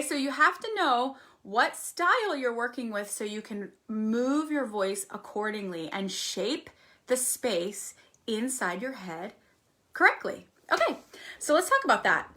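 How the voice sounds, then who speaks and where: A woman giving a musical theater singing workshop, explaining technique and breaking into sung warm-ups and examples. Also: a little high. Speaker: voice teacher. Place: arts center.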